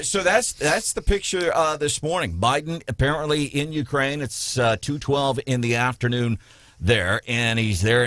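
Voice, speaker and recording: A man's voice: medium pitch, a bit bright, no room sound. A man with a Midwestern American accent hosting a morning radio show, rambling and joking sarcastically. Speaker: radio host. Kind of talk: casual talk radio banter. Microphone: studio mic.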